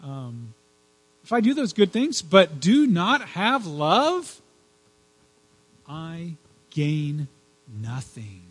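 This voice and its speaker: A man's voice: a little high, wildly swooping pitch, drawn-out words, pauses often, husky, low-quality recording. A male pastor giving a sermon in a conversational way, with frequent fillers and repeated words.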